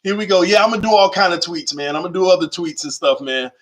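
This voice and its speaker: Excitable young man hosting a livestream. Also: sits high, fast. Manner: excitable, shouts and sings out, slangy. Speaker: fan channel host. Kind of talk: live-stream sports fan talk.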